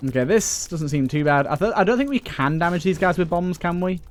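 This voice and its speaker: A man's voice: high voice, fairly quick. Joking young man grumbling at a game. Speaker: let's play gamer. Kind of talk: casual gameplay commentary.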